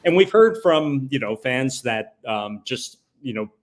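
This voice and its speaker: A man hosts a live stream in a relaxed, filler-heavy way, pausing to read out viewer comments. His voice sits at an everyday middle pitch. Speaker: host. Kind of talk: live-stream host chat.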